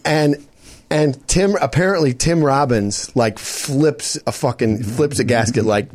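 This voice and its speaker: A man hosting a casual comedy chat, playful and laughing, quick to do impressions. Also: mid-range voice, darkish tone.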